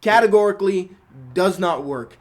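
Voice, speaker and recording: A man's voice: sits high, normal speed. A man chatting about a film with a friend, emphatic and opinionated. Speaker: movie reviewer. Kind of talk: casual movie review chat.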